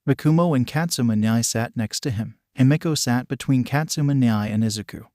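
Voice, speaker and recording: Male narrator, steady storybook reading, close dry sound. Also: medium pitch, fairly quick, no room sound. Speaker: fan fiction reader. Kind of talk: scripted narration.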